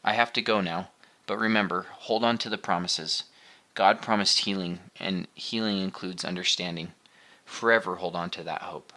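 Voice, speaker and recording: A man reading the part of a calm, wise man who offers reassuring counsel in an audiobook. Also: low voice, normal speed.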